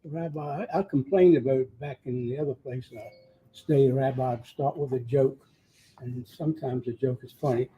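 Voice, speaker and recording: A man's voice: mid-range voice, steady tone, moderate pace, mellow, muffled recording, a little hiss or hum. A man in the audience of a class, telling a story in a rambling way with hesitations. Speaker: congregant. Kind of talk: casual remarks in a class.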